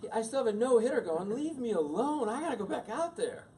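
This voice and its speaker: A man acting out his cocky 13-year-old self as a defiant boy pitcher, in a loud, whiny voice. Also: racing, far from the mic, close to an everyday voice.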